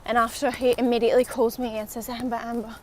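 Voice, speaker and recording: A woman's voice: fairly high pitch, little pitch movement, fast talker, a little mellow, a little hiss or hum. A young woman, chatting and rambling on a walking vlog outdoors, recorded on a handheld phone, sometimes dropping to a whisper for asides. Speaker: vlogger. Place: outdoors on a riverside walk in a city.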